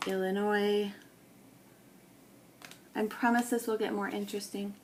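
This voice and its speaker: A woman's voice: medium pitch, little pitch movement, darkish tone, a little hiss or hum. A woman from New England who makes scrapbooking videos, talking casually and thinking aloud as she sorts old photos. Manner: thinking aloud, unhurried, with many ums. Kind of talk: casual talk while sorting photos.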